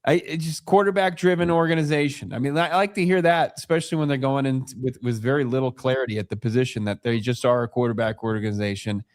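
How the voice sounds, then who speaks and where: A man's voice: mid-range voice, steady tone, fast, hardly any pauses. A man co-hosting a sports talk show, wry and teasing, often reading quotes aloud.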